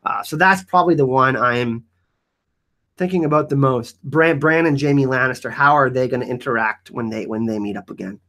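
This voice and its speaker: An energetic man hosting a casual live-stream Q&A, rambling with many restarts. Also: medium pitch, normal speed. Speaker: YouTube channel host.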